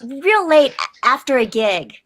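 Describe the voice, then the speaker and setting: In an easygoing interview, a female band musician speaks in a high, unhurried voice. Her storytelling is lively, full of fillers, with the quotes performed rather than just reported.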